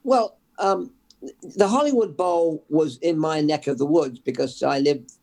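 A man, a journalist guest telling animated anecdotes in an interview. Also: fairly high pitch, measured pace, vocal fry. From England. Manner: animated, anecdotal, repeats words as he builds. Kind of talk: interview storytelling.

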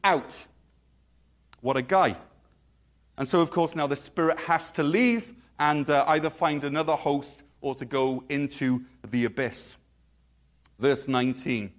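A pastor delivers a sermon in a conversational, humorous way. His voice sits a touch higher than most men's, and he slips in wry asides between points. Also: unhurried. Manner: conversational and joking, with playful asides.

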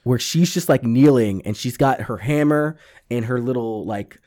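In a casual, profane chat, a podcast co-host walks through a TV episode, voicing the characters' lines and cursing liberally. His voice is mid-range at a normal speed, recorded in the studio with no echo.

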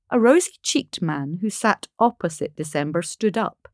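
A woman narrating a fairy tale in an expressive, measured way. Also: on the low side, no room sound, studio quality. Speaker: storyteller.

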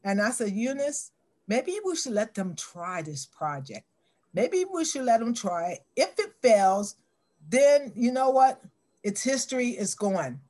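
A middle-aged woman telling a story in an interview, acting out the dialogue with lively shifts in voice. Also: fairly high pitch, measured pace.

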